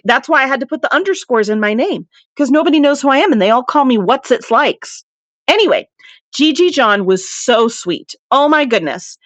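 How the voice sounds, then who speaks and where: A chatty woman hosting a casual livestream, with a fairly high voice. She rambles freely and reads viewer comments aloud. The sound is dry and close. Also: fairly bright tone, no room sound. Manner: rambling, laughs easily. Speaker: livestream seller host.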